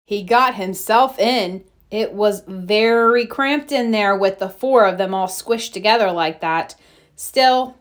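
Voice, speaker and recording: Slow, expressive woman reading a storybook. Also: medium pitch. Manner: slow, expressive, sing-song. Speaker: children's story reader. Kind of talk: storybook read-aloud.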